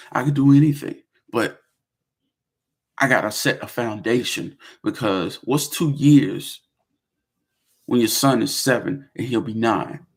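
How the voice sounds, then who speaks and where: A man with a gravelly voice tells his story in a relaxed vlog chat. He talks with lively slang and animated turns. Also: mid-range voice. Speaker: vlogger. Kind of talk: casual vlog talk.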